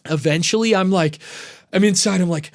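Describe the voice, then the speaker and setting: A young adult man, a podcast guest, telling a long story in casual, profane and animated fashion. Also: sits high, moderate pace.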